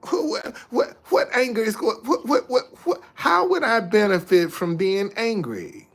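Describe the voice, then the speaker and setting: Animated man answering his livestream chat. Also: high-pitched, unhurried. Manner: animated, repetitive, laughing, talks back to commenters. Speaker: livestream host.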